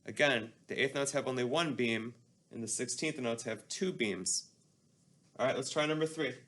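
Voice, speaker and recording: A man's voice: medium pitch, moderate pace, fairly bright tone. A man teaching a music class, explaining patiently and leading call-and-response chanting.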